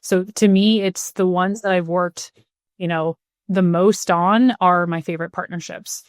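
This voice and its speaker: A woman's voice: on the low side, fairly even intonation, a little slow, no echo, clean studio sound. A woman in her thirties, a podcast guest, speaking upbeat and laughing easily. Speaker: guest, partnerships leader. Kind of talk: conversational interview.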